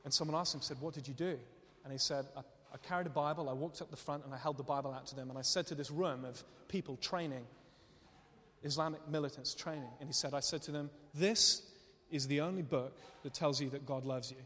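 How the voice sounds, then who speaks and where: A man's voice: on the high side, steady tone, fast talker, fairly bright tone. A man preaching a sermon, telling stories in a conversational but impassioned way. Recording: long hall reverb.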